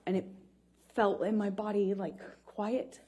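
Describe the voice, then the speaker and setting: A woman testifying as a witness in court, speaking haltingly with frequent pauses and restarts. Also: medium pitch, flat delivery, mellow, breathy edge.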